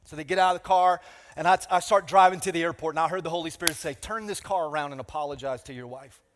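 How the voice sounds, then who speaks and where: Animated pastor in a big hall. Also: male voice, on the high side, fast talker. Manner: animated, self-mocking storytelling with crowd call-outs. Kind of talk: storytelling sermon. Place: large church hall. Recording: reverberant church hall.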